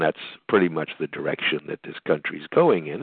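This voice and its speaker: Older man, low voice on a phone line. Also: very animated, normal speed, gravelly, few pauses, husky, no room sound. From United States. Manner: rambling, many fillers and restarts. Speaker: podcast host. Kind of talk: reflective monologue. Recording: dry, tinny phone-like line.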